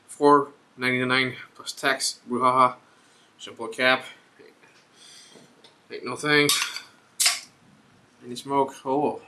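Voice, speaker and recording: A man's voice: mid-range voice, flat delivery, slow pace, long pauses, sharp tone, slight background noise. A man hosting a casual beer review vlog, thinking aloud and rambling as he reads the label.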